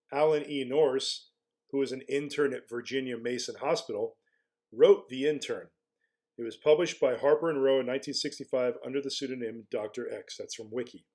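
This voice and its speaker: Guy rambling thru his blog theory, mid pitch, lots of "the, the" restarts and questions to the listener. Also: a little mellow. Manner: musing, asks rhetorical questions, frequent restarts. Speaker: blogger. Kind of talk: casual spoken commentary.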